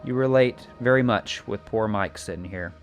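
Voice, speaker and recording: A man's voice: fairly low pitch, moderate pace, faint music behind. A young man casually recapping a TV season, rambling and joking with plenty of filler words. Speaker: show recapper. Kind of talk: casual plot recap with acted quotes.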